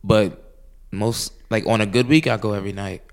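A man, hosting a podcast in a casual chat, relaxed and slangy, laughing often. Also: on the low side, normal speed, creaky, smooth. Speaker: podcast host.

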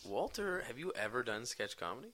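Guy rambling, excitable, super bright voice, bouncy pitch. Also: a little fast. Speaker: guest, festival organizer. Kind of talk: casual chat.

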